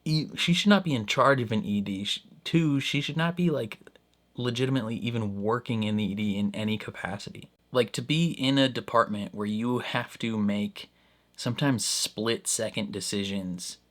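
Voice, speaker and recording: A man's voice: medium pitch, normal speed. A man giving casual reaction commentary on a show, rambling and full of fillers, often laughing. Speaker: reaction video host.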